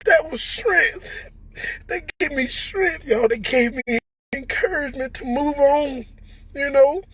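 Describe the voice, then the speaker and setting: A man with a Southern American accent giving an emotional personal testimony to viewers, tearful and halting, stammering and repeating words as his voice breaks. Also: very high voice, sharp tone. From Southern United States. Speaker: recovered patient addressing viewers.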